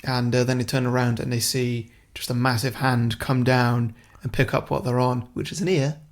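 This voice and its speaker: Man with a gravelly, rambling storytelling voice. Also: mid-range voice, flat delivery, moderate pace. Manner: rambling storyteller who chuckles at his own ideas. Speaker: podcast co-host. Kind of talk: casual chat, pitching a comic plot.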